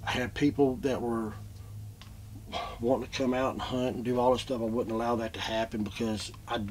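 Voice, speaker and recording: A man telling his own encounter in an interview, animated, repeating himself, going from loud bursts to hushed tones. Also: medium pitch, moderate pace, a little hiss or hum. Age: adult, a father. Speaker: eyewitness interviewee. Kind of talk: emotional first-person retelling.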